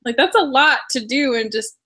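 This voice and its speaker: Woman w/ a bright voice, chatty book talk on a video call, laughs a lot. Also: sits high, normal speed. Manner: chatty, laughs often, hedging. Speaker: book club host. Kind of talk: casual video call chat.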